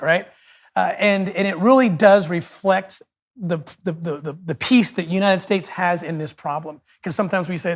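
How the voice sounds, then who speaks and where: A man's voice: high voice, brisk. A middle-aged man, a podcast guest, telling an emotional story in a conversational, earnest way.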